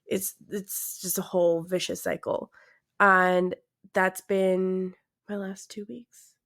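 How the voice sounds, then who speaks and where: A woman's voice: fairly low pitch, fairly bright tone. Tired, awkward woman podcast host. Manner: awkward, self-deprecating, laughs often, many fillers. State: tired, yawning. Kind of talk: casual solo podcast chat.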